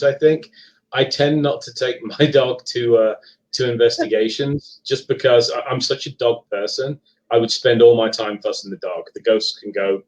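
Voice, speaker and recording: A middle-aged man from England with a Leicester accent softened by years abroad, chatting as a podcast guest, hesitant and full of ums and restarts. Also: medium pitch, poor audio. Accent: Leicester English, partly Americanized. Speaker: guest author and paranormal investigator. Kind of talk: casual live podcast chat.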